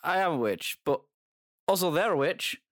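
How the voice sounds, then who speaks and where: A man co-hosting a casual chat, reading out history in an even, steady manner. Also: on the high side, normal speed. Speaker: podcast co-host.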